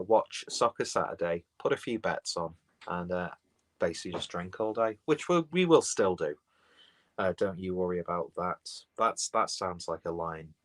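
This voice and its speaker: Male beer streamer, low-pitched, loose rambling chat, reads comments off his phone. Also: fairly bright tone, rough recording. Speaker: beer reviewer live-streaming. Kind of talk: casual live-stream chat.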